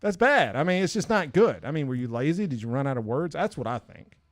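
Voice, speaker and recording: A man in his forties hosting a casual podcast chat, ranting with animated opinions. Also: a little high, quick pace, no echo, clean studio sound. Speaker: podcast host.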